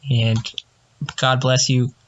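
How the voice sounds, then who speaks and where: A young man co-hosting a podcast, telling lively work stories in casual chat. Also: mid-range voice, slow, muffled recording. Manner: storytelling with animated quoted voices. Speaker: podcast co-host.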